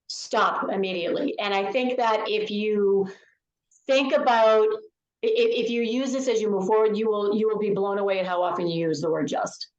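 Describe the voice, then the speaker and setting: A woman's voice: mid-range voice, fairly even intonation, normal speed, muffled recording. A woman author and confidence speaker talking in a podcast interview, emphatic and given to repeating her key points. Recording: echoey room.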